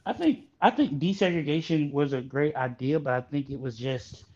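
A man in casual podcast chat, animated and teasing. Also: fairly high pitch, moderate pace, highs cut off. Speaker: podcast co-host.

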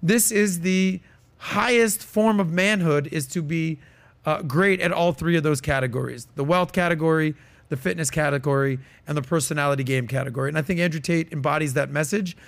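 A man's voice: a little high, brisk, vocal fry. A man hosting a podcast, giving casual, emphatic commentary that is full of fillers. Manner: emphatic, quoting and reading aloud, many fillers. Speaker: podcast host.

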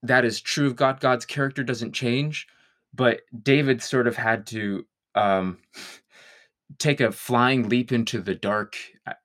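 A man's voice: mid-range voice, fairly even intonation, unhurried, a bit bright. A man talking as a guest in a conversation, thoughtful and searching, sometimes laughing. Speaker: guest songwriter. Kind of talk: reflective conversation.

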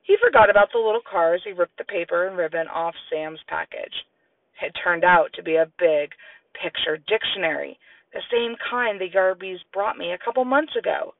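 Man, children's audiobook narration, gravelly, lively pitch, tinny dry recording. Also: normal speed, dry recording, recorded from a distance. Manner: lively, plays children's voices in high squeals. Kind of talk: storybook narration with voiced characters. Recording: tinny, lo-fi, radio-like sound.

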